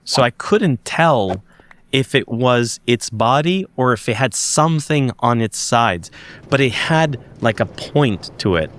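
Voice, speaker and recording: A man in a podcast interview tells a personal story with emphatic insistence. He restarts his sentences often and gropes for words as he goes. His voice sits at an ordinary male pitch. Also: lively intonation, unhurried, fairly bright tone. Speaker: guest; investigator.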